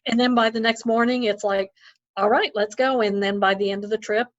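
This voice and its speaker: Animated woman telling stories, dull audio. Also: a little high, brisk, no room sound. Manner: lively storyteller acting out her own remarks. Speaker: missionary guest. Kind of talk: casual interview. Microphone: video call.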